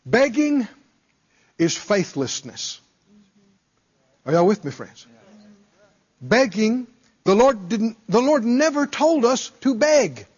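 A man's voice: extremely high pitch, sing-song, slow pace, long pauses, a little mellow, breathy edge, lo-fi sound. A male preacher delivering a dramatic sermon, acting out pleading prayers and firing off rhetorical questions in folksy phrasing.

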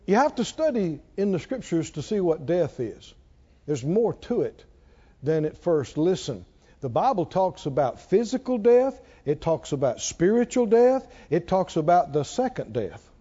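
A man preaching a sermon in a folksy, emphatic way that builds to shouting, recorded with dull lo-fi sound. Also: high voice, very animated, measured pace, slightly rough.

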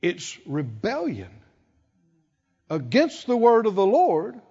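Man, preacher, sermon, very high voice, lively pitch, muffled hall recording. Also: takes it slowly, slightly rough. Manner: emphatic, acts out quoted voices, rises to loud peaks. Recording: dull, reverberant hall sound.

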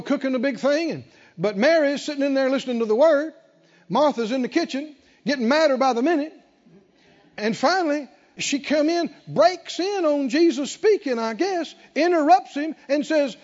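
A man's voice: very high voice, darkish tone, in a large hall, muffled recording. A man preaching a sermon, emphatic and calling out to the congregation. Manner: emphatic, call-and-response preaching.

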